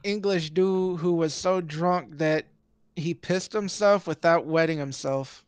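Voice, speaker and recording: A man's voice: on the high side, unhurried, a little hiss or hum. A man on a casual stream chat who drops dry jokes.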